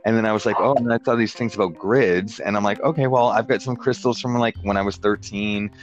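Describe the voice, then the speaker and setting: A man's voice: lowish voice, fairly even intonation, a little fast. A man telling a story in casual chat, rambling and peppering it with "like", slipping into other people's voices when quoting them. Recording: dull lo-fi sound with faint guitar music.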